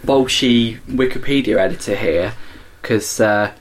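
A man's voice: mid-range voice, a little slow. Wry rambling man. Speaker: podcast co-host. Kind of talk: casual chat.

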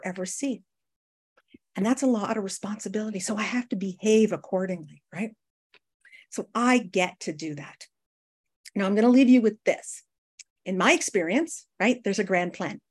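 A woman speaking at a recovery meeting, sharing her story in a conversational way, often checking in with her listeners. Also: a little high. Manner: conversational, addresses listeners as guys, frequent tag questions; acts out quoted people with lively voices. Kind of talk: personal recovery share.

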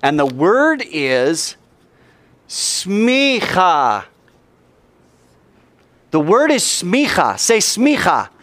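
A man preaching a sermon in a lively, joking way, acting out quoted voices. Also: fairly high pitch, slow, hardly any pauses. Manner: animated, jokey, acts out quoted voices. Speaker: pastor.

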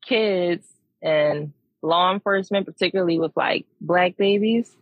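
A woman guest, a behavior analyst, explaining her work in a measured way on a podcast. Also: lowish voice, dry recording, phone-quality sound. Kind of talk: casual interview chat.

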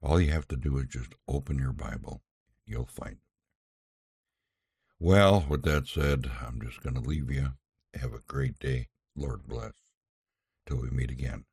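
Male podcast Bible teacher, very deep and husky, folksy and halting delivery. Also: a little mellow, dry recording, clean studio sound. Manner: folksy, halting, with many pauses. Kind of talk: informal Bible lesson.

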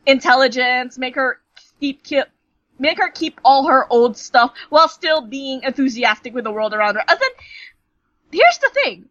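A young woman with a high, bright voice rambles through a casual chat, tripping over her words and cursing as she goes. The sound is dry and a little dull, like a cheap home mic. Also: no echo. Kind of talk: casual ranting chat about a cartoon.

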